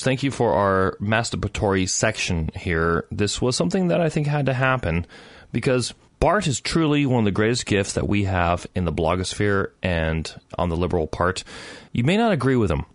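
A man's voice: fairly low pitch, no room sound. A man in his thirties, a bit tipsy, hosts a casual podcast chat. His voice swings up and down a lot, and he jokes and curses freely. The recording is close and dry. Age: 30s. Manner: animated, joking, profane. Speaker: podcast host.

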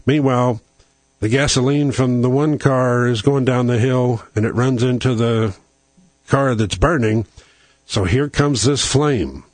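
A man's voice: medium pitch, steady tone, unhurried, no echo. A man hosting a talk show, telling a long rambling story in a casual way. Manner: rambling storyteller who acts out quoted lines.

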